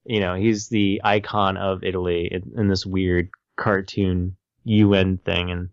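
Low, smooth-voiced podcast man. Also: flat delivery, unhurried, no echo. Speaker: podcast co-host. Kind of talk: casual chat. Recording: dull lo-fi sound.

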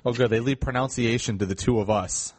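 A man's voice: medium pitch, brisk, breathy edge. A man co-hosting a casual podcast, wry and grumbling, with sweary jokes. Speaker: podcast co-host.

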